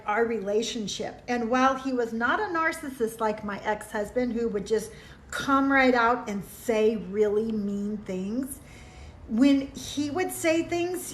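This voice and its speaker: A woman talks casually to her live-stream audience, reading viewer comments aloud and breaking into quick quoted voices. Her voice sits high and bright. The sound carries a roomy echo from streaming on a phone. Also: a little hiss or hum. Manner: chatty and candid, reads comments aloud, jumps into quoted voices.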